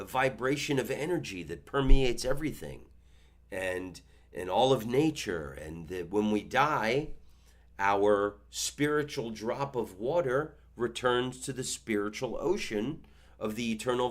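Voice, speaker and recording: Fifties man, comic storyteller, low voice with big swings, stumbles over his words. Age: 50s. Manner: animated, stammering restarts. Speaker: comedian and podcast host. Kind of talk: storytelling monologue.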